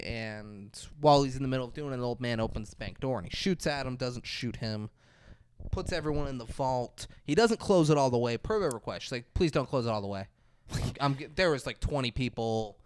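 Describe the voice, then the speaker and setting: A man's voice: mid-range voice, expressive, fairly quick, a little mellow, clear, resonant tone. A man co-hosting a podcast, casually recapping a film, swearing freely and acting out the characters' lines. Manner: profane, retells scenes acting out lines. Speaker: podcast co-host. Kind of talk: casual movie recap chat.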